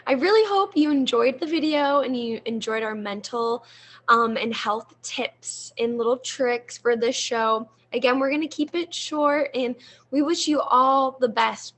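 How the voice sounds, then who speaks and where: Friendly young female co-host with a fairly high voice, chatting casually to viewers. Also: a bit bright. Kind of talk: casual sign-off chat.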